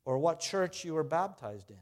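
With lively intonation at a moderate pace, a middle-aged male pastor preaches earnestly in a somewhat high voice. Quoting scripture, he turns loud and high; asking his listeners questions, he turns low and soft. His speech is plain and direct, with a few restarts.

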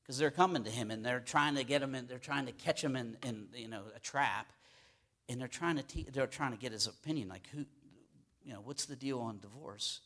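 A man's voice: mid-range voice, brisk, fairly bright tone. A man teaching scripture in a loose, conversational sermon, often repeating words for emphasis and restarting phrases. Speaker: Bible teacher.

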